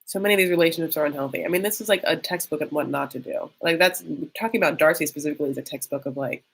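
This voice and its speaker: A woman hosting a live TV reaction stream, talking casually with lots of fillers and quick, gossipy bursts. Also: sits low, vocal fry, husky. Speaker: reaction show host.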